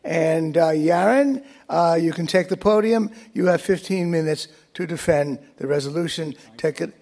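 A man moderating a live debate, introducing the speakers with halting, filler-laden phrasing. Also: on the high side, darkish tone.

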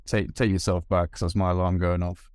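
A man with a low voice chips in briefly as the interviewer. His tone is casual, and the sound is dry and close. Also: little pitch movement, fairly quick, a little mellow, dry recording.

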